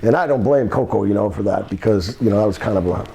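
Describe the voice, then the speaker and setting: In an interview, a former pro wrestler in his sixties rambles through a long story, full of fillers and restarts. His voice sits on the low side, mellow with vocal fry, and he talks quickly; a little hiss or hum is audible.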